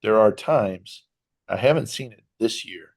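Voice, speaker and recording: A man co-hosting a casual sports podcast, with a low voice and a strong gravelly fry. He talks in a measured, earnest way and lays out his points with care. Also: darkish tone. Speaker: podcast co-host.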